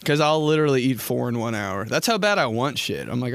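In a very animated, mid-range, slightly bright voice, a young man talks a little fast on his solo podcast, recorded dry. His casual chat is profane, full of rambling, jokey stories.

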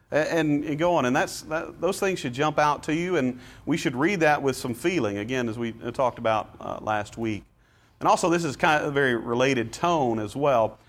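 A man teaching a Bible study class, explaining passages casually and reading scripture aloud with feeling. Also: medium pitch. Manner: conversational, dramatizes scripture readings with rising intensity; frequent fillers and restarts, relaxed explaining. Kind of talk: classroom lesson.

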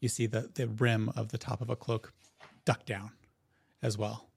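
A man narrating as game master of a tabletop role-playing game, describing scenes in a relaxed way. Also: on the low side, moderate pace, vocal fry, slightly rough. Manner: relaxed, descriptive, with frequent restarts.

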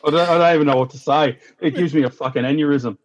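A man's voice: on the high side, fast talker, dry recording, highs cut off. An Australian man ranting bluntly and swearing constantly as a guest on a casual podcast call.

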